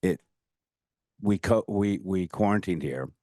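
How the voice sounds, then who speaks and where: A man's voice: sits low, unhurried, darkish tone. A man with a New York accent hosting a podcast interview, chatting loosely and telling stories. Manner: loose storytelling with fillers. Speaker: podcast host. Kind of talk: casual interview talk.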